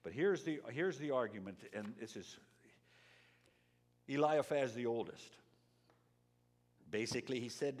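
A middle-aged man, a pastor, preaching a sermon in a lively, emphatic way, often restarting his sentences. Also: mid-range voice, unhurried, pauses often. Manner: lively, emphatic, with frequent restarts and dramatic drops to a whisper.

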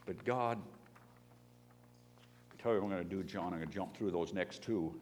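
A man preaching a sermon, animated, who swings into loud emphatic bursts when acting out pleas and reading scripture. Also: sits low, normal speed. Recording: long hall reverb, faint hum.

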